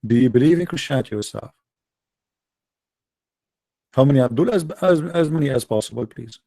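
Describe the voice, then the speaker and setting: Taunting man with a dark, dry voice. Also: mid-range voice, animated, brisk, no echo. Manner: mocking, taunting, emphatic. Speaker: live-stream debate host. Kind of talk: combative live-stream debate.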